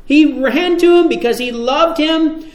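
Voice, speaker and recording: A man preaching a sermon, emphatic and animated, often asking his listeners rhetorical questions. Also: very high-pitched, measured pace, roomy sound.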